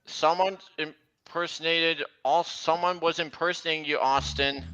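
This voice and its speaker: A man chatting on a livestream, rambling and halting, often correcting himself mid-sentence. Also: on the high side, steady tone, a crowd in the background. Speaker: streamer. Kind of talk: casual livestream chat. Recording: dull lo-fi audio.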